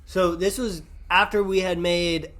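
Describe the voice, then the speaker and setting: A man's voice: sits high, steady tone, measured pace, fairly bright tone. Swearing man telling a story. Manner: swears a lot, laughs while telling stories. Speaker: podcast host. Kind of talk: casual storytelling chat.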